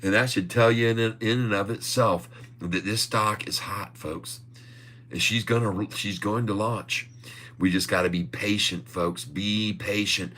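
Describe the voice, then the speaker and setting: A man's voice: lowish voice, steady tone, measured pace, pushed and bright, slight background noise. A middle-aged man hosting a day-trading livestream, talking in a folksy, emphatic way and chuckling often. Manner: folksy and emphatic, keeps calling listeners "folks". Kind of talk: casual market commentary livestream.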